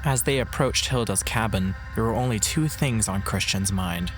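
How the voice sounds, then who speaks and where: A man narrates a fantasy audiobook with measured, dramatic delivery. His voice sits fairly low. Music plays under the narration throughout. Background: background music.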